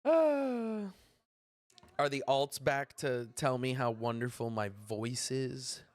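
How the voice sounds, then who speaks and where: A man's voice: medium pitch, fairly even intonation, a little slow, smooth, no echo. A man hosting a casual livestream, rambling to chat while sorting out stream lag. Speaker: livestream host.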